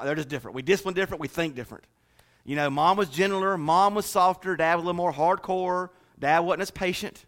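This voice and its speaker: Male pastor, middle-aged, sharp bright tone, homespun humor. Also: sits high. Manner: folksy, joking, talks straight to the congregation. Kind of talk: sermon.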